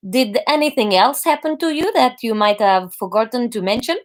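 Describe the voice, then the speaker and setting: A woman voicing a wary female doctor with a put-on Russian accent, questioning slowly and carefully in a read-aloud story. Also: fairly high pitch, lightly acted. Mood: wary concern. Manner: slow, careful, faintly annoyed questioning. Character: wary female doctor, middle-aged, probing.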